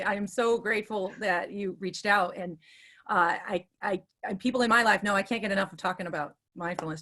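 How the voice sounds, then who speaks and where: A woman's voice: mid-range voice, pushed and bright. Woman, fifties, hyper and chatty, video call, earbuds. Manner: hyper, chatty, restarts a lot. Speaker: guest speaker, teacher. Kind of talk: casual storytelling on a webinar.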